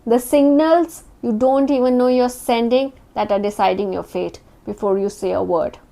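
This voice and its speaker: A woman giving a scripted lesson on interview communication, speaking in a measured, emphatic way with firm falling endings. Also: on the high side, creaky, dark tone. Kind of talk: scripted instructional talk.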